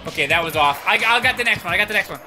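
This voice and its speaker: A male streamer narrating his gameplay in loud, jokey bursts, often yelling at the screen. His voice sits high and bright, swinging widely in pitch, with faint game music behind him. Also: expressive, rapid-fire. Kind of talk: excitable gameplay commentary.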